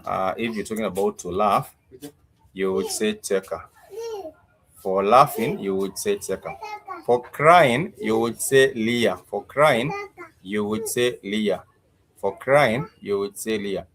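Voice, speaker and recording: A man teaching Swahili words in a live-streamed lesson, slowly repeating each word and its meaning, with many fillers. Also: fairly low pitch, a bit bright.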